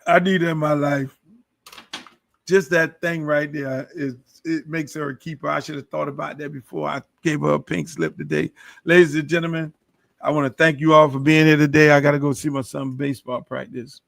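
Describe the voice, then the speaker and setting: A middle-aged man with a gravel-edged voice that sits a bit high for a man, holding forth on his own podcast. He preaches and brags in a long, profane monologue. The sound is close and dry. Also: normal speed, fairly bright tone, no room sound. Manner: preachy, boastful, heavy swearing. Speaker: podcast host.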